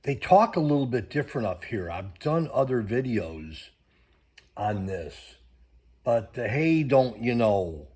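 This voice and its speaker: A man's voice: mid-range voice, lively intonation, a little slow, a little mellow, husky. An older man, a grandfather, chatting casually and rambling to his channel's viewers with many fillers. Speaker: vlogger. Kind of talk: casual chat to camera.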